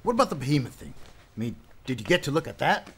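A man's voice: mid-range voice, big pitch swings, quick pace, fairly bright tone, slightly rough, full character voice. An actor playing a nosy, jittery man who stammers as he presses for news. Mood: curious.

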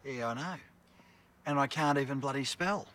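An actor playing a crude, boastful Australian career criminal who swears constantly and bosses people around, in a film drama. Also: male voice, mid-range voice, normal speed, a bit bright, a little hiss or hum, natural voice. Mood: mocking. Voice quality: coarse, swears constantly, bossy. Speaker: convicted criminal giving a television interview.

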